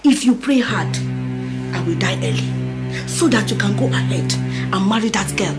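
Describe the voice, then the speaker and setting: A woman's voice: sits high, very animated, unhurried. A woman with a Nigerian accent playing a stern aging mother who forbids her son's marriage, in a film drama. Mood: weary. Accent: Nigerian English. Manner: pleading then threatening, emotional. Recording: film soundtrack with music.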